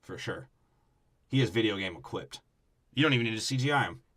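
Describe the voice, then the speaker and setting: A man's voice: on the low side, animated, brisk, a bit bright, no room sound. A man co-hosting a podcast, riffing crudely on a movie in casual, profane banter. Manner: crude, joking, heavy profanity. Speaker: podcast co-host.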